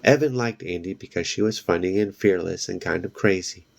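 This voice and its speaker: A man with a fairly low voice reads a children's book aloud for a book video. He narrates plainly and steadily, with the odd slip he corrects and then reads on. His pace stays easy and unforced. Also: brisk, creaky.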